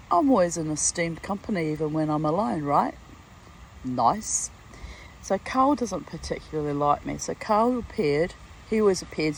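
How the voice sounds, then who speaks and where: A woman's voice: sits low, creaky, slight background noise, poor audio. A woman in her sixties from Australia, telling a rambling personal story at home, full of asides and laughs. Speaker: vlogger. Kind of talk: casual storytelling monologue. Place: at home near a garden.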